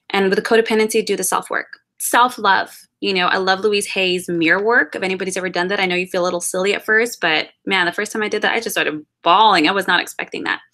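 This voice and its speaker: A woman's voice: medium pitch, bright, forceful tone. A woman reading tarot cards for a monthly love forecast, talking to the listener directly in an earnest, reassuring and encouraging way. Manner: spiritual, encouraging advice-giving. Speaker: tarot card reader.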